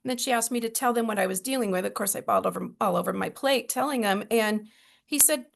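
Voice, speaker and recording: A woman's voice: medium pitch, fast, creaky. A woman hosting a wellness video call, chatty and emotional, with many fillers. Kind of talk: casual presentation on a video call.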